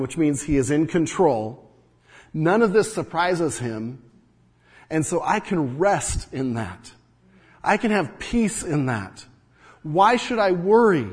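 A man's voice: mid-range voice, husky. A man preaching a sermon in an earnest way, his voice rising and falling as he acts out the quotes. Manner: earnest, rises and falls in loudness, acts out quotes. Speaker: pastor. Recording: long hall reverb.

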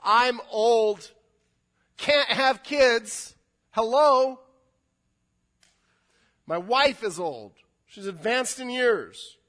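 A man's voice: high-pitched, animated, normal speed, a bit bright, voice pushed up, exaggerated voice. A man voicing a doubting old priest who pleads in exasperation that he and his wife are too old. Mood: incredulous.

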